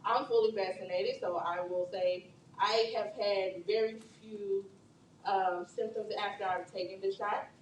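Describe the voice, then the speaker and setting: A woman who works at a hospital, giving brisk, matter-of-fact health advice in a casual talk. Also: mid-range voice, steady tone. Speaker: hospital worker and co-host. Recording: roomy, distant mic with faint noise.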